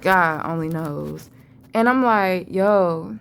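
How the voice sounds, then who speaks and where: A woman's voice: mid-range voice, measured pace. A woman vlogger, telling a rambling, profane, emphatic story about a vision. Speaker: spiritual vlogger. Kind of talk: casual storytelling monologue.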